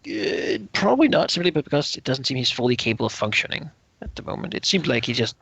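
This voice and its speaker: A man's voice: mid-range voice, big pitch swings, quick pace, vocal fry, a bit bright, slightly rough, no echo. A man running a tabletop role-playing game, explaining rulings in a hesitant, casual way. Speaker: game master.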